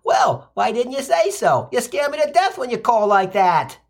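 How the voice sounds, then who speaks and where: A nagging older mother, firing worried questions in a raised, lively voice, as a man puts her on. She is anxious and snappish, never letting a sentence rest. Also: extremely high pitch, normal speed, voice pushed up, heavily acted.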